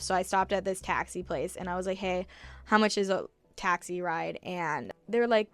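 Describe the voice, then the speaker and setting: A young woman in her twenties telling an animated, profane travel story in a casual vlog. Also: medium pitch, a little fast, no room sound. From United States. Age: 20s.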